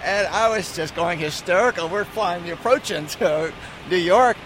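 High-voiced male pilot, traffic noise. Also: moderate pace. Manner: relaxed storyteller, amused, some restarts. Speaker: airline pilot. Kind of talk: casual anecdote telling.

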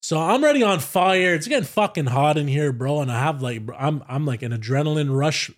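A man in his thirties tells a story as a podcast guest. His voice sits a little high, and his delivery is animated and profane, with "bro" tossed in constantly. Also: fairly quick. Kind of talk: casual storytelling.

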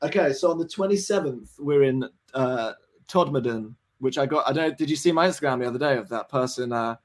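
A young man in his twenties, a band member guest in a casual podcast interview, rambling, excitable and swearing freely. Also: mid-range voice, brisk. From United Kingdom. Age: 20s.

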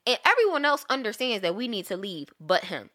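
A young woman recounting a breakup story in loose, casual chat. Her voice is bright and forward. She swears freely and breaks into laughter as she goes. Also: fairly high pitch, fairly quick, slight background noise. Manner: animated, profane, laughing storyteller.

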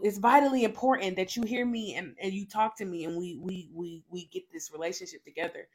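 A woman's voice: medium pitch, lively intonation, moderate pace, a bit bright, husky. A young woman hosting a faith show, telling a personal testimony in a dramatic, emphatic way with lots of repetition.

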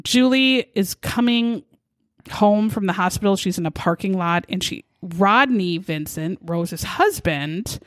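Woman podcast host, casual true crime storyteller, blunt and sarcastic, lively voice, dry close sound. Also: medium pitch, measured pace, no room sound. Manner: blunt, sarcastic, swears freely.

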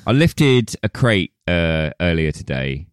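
Deep guy rambling jokey stories on a film podcast, dry mic. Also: very animated, takes it slowly, clear, resonant tone, no echo. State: sore back. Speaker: podcast co-host. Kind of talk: casual chat.

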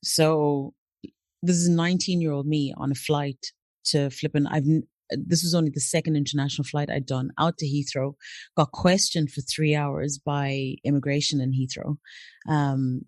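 In this low-pitched female voice, delivered at a moderate pace with no echo, an interview guest in her late thirties recounts personal stories. Originally from Africa, she tells them animatedly, voicing the people who appear in them.

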